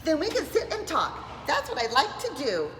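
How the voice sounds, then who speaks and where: A woman voicing a small, friendly bee in a storybook, in a very high, sweet, drawn-out voice. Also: wildly swooping pitch, fairly bright tone, a little hiss or hum, exaggerated voice. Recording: echoey room with long reverb.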